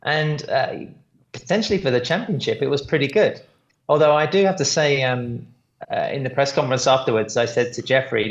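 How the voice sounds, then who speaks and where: A British man appears as a guest on a casual podcast, rambling through long anecdotes with lots of fillers. His voice is medium-pitched and fairly quick, and the recording sounds muffled.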